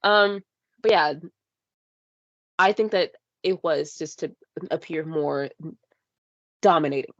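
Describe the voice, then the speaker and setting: A young woman with a low voice co-hosts a podcast in loose, casual chat. She leans on fillers and slips into playful impressions of other voices. The recording is dry and a little dull. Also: slow pace, pauses often, no echo. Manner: chatty, many fillers, mimics voices playfully. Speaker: podcast co-host. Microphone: podcast mic.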